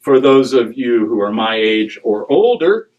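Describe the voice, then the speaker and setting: A middle-aged man giving a humorous talk to a live audience, animated and joking, with digressions and acted quotes. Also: mid-range voice, a little slow, narrow, tinny audio. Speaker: speaker on dowsing.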